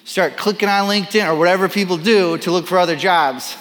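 A male pastor delivers a sermon with a fairly high voice and an animated, playful way of talking. He acts out the voices of the people he quotes and drops self-deprecating asides. The sound carries a long reverb, as in a large church auditorium. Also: a little fast.

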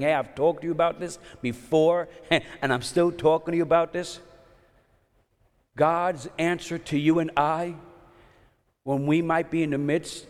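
A man's voice: fairly high pitch, a little mellow. A man preaching a sermon in an earnest, conversational way, often restarting his sentences. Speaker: pastor. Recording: long hall reverb.

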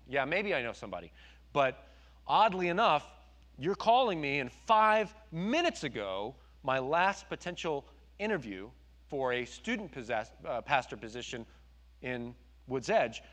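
A man preaching a sermon, telling his story with animated quoted voices. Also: fairly high pitch. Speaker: pastor.

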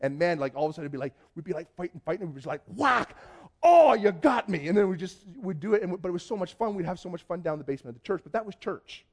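A man from Canada, telling a personal testimony in a lively storytelling way, acting out dialogue and often restarting his sentences. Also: a little high, very fast, hardly any pauses. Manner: lively, acts out dialogue, frequent restarts and repeated words. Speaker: speaker giving a personal testimony.

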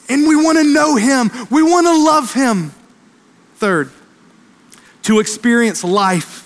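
A man preaching a sermon as pastor, fervent, speeding up and slowing down for emphasis. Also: extremely high pitch, animated. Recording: long reverb of a large hall.

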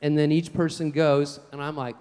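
A man preaching a sermon, telling folksy stories in an animated way. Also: a little high, moderate pace, clear, resonant tone, in a large hall. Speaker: pastor.

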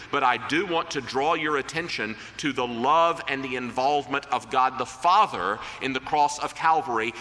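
A man preaching a sermon in an earnest, deliberate way, slowing down to quote scripture. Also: mid-range voice, bright, forceful tone, a little hiss or hum. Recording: long reverb of a large hall.

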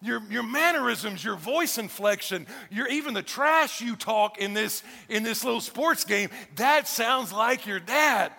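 A male pastor delivers a sermon in a high, bright voice with a gravelly edge. He keeps it conversational, asking the congregation question after question. A long reverb hangs on every phrase in the church. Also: lively intonation, a little slow, few pauses.

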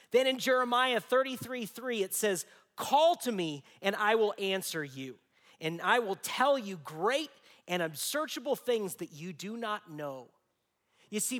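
A man's voice: extremely high pitch, a bit bright. A man in his forties preaching a sermon, telling stories with humor and asking rhetorical questions. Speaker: pastor. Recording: long hall reverb.

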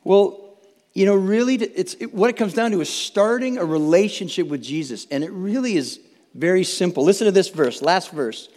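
A man's voice: high-pitched, expressive, moderate pace, a little mellow. A man preaching a conversational sermon as pastor, earnest and chatty, often restarting and adding tag questions. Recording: long reverb from a large hall.

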